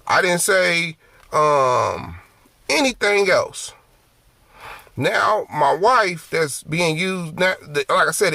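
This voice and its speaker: A man ministering through a personal testimony, telling it in an animated, conversational way and often repeating phrases. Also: high voice, dry recording.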